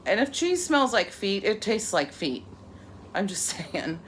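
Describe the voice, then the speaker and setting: A woman's voice: mid-range voice, very animated, unhurried, a little hiss or hum. A middle-aged woman chatting casually in her home kitchen, laughing often as she cooks for a vlog. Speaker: vlogger. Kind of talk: casual cooking vlog chat.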